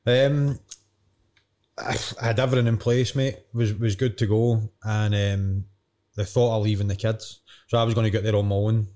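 Man, low voice, matey storytelling. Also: level tone, normal speed, a little mellow. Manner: chatty, matey, retells quotes. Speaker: podcast guest, former footballer. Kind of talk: casual interview storytelling.

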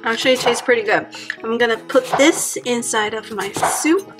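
A woman's voice: a little high, normal speed. Chatty woman vlogging over music. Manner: chatty, enthusiastic, repeats words for emphasis. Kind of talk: casual grocery haul and cooking vlog. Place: home kitchen. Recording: music playing behind.

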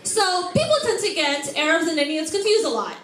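A woman's voice: extremely high pitch, lively intonation, a little fast, a bit bright. A woman stand-up comedian doing a set on a comedy club stage, brash and profane as she teases the crowd. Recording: echoey club with background noise.

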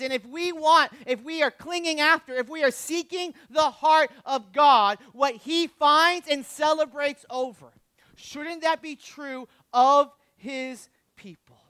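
A male pastor preaching a sermon with self-deprecating humor, swinging between loud emphatic bursts and hushed lines. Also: very high voice, no room sound.

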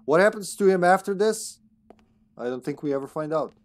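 A man's voice: high voice, lively intonation, fairly quick. A man streaming a horror game live, commenting casually, often stammering, swearing and laughing.

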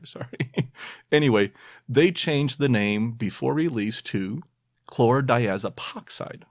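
A man's voice: mid-range voice, lively intonation, measured pace, gravelly, no room sound, studio quality. A man hosting a podcast, quizzing his listeners in a playful, self-mocking way. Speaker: podcast host. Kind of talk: quiz-style podcast monologue.

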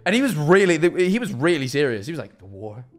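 A young man chatting on a live stream from his kitchen, telling a rambling, animated story and answering chat. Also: on the high side, fast. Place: kitchen at home.

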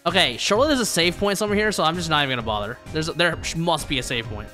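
A man's voice: fairly high pitch, animated, rapid-fire, hardly any pauses, pushed and bright. A man giving casual let's-play commentary while he plays a video game, with anxious, jokey reactions. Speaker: gamer streamer. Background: faint game music.

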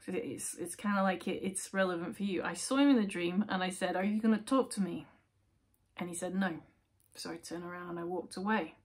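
Husky woman reading tarot. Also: fairly low pitch, a little fast. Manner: chatty, with frequent fillers, dropping to near-whispers at times. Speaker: tarot reader. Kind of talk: casual tarot reading to camera.

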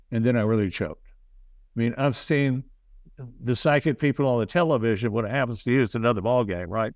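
A man as an interview guest, telling stories in a rambling, halting way with self-deprecating asides. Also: medium pitch, dry recording. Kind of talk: casual storytelling.

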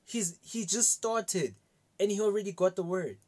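A man hosting a reaction video, talking casually with excited exclamations and repeated praise. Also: sits high, moderate pace.

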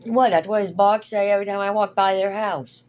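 Dry matter-of-fact mom. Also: female voice, mid-range voice, fairly even intonation, brisk, a little mellow. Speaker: host's mother. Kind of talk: casual family chat.

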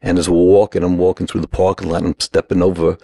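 A man telling a lively anecdote in a casual podcast chat, acting out the people he quotes. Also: deep voice, fast, vocal fry, no echo. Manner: animated anecdote teller who acts out quotes. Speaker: podcast guest. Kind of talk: casual storytelling.

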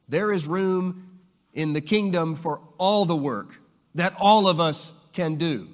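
A man with a fairly high voice delivers an earnest sermon, often doubling words as he restarts a thought. His voice rings out with a long reverb from a church hall. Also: animated, measured pace. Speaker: preacher. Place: church auditorium.

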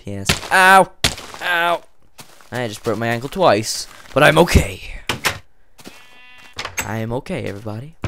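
Excitable gamer, lively swoops. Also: male voice, mid-range voice, noisy background. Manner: excitable, jumpy, rambling, swears and yelps. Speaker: let's play gamer. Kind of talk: casual gameplay commentary.

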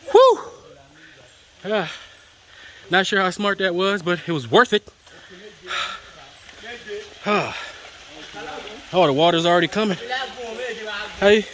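Guy huffing and puffing up a mountain trail, kinda high voice, joking around to the camera. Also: pushed and bright. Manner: breathless, puffing, informal and joking. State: out of breath. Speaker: vlogger. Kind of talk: casual vlog narration while hiking. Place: outdoors on a mountain trail near a waterfall.

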